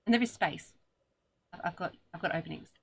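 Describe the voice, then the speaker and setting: A woman's voice: fairly low pitch, brisk, creaky, darkish tone, breathy edge. An Australian woman co-hosting a podcast, chatting and joking in a rambling way that trails off mid-thought. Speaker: podcast co-host. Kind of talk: casual comedic chat.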